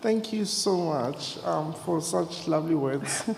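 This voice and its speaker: Slow, gravelly man in a roomy hall. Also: fairly high pitch. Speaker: panel guest author. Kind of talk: answering at a live panel. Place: festival event hall. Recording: roomy live hall, faint noise.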